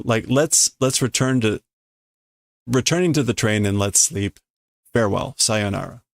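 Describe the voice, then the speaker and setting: A man with a low, gravelly voice reads through a manga at an easy, slow pace. He sounds out Japanese phrases, then unpacks them in casual English with amused chuckles, close and dry on the mic. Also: no echo. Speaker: live streamer translating manga. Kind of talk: casual live-stream reading and translating aloud.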